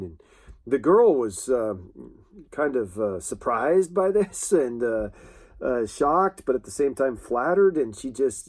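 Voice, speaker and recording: A man preaching a sermon in an earnest, halting way, with many restarts and fillers. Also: mid-range voice, lively intonation, darkish tone.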